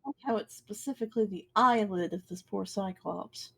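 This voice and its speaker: A woman's voice: medium pitch, normal speed, gravelly, slightly rough, no room sound. A woman playing a tabletop game, musing wryly in casual chat. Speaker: player.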